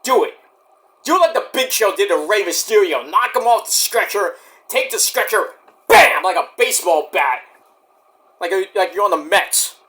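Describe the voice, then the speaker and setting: A man's voice: high-pitched, lively intonation, moderate pace, fairly bright tone. A man reviewing shows, giving rambling, profane running commentary as he watches. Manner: rambling, profane, talks to himself about the action. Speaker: show reviewer.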